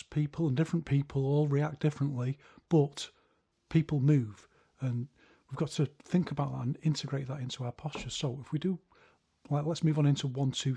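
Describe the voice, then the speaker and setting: Male instructor, husky, explanatory tone, counting through drills. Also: mid-range voice, dark tone. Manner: explanatory, counts punches aloud while demonstrating. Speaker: martial arts instructor. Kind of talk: demonstrating martial arts drills.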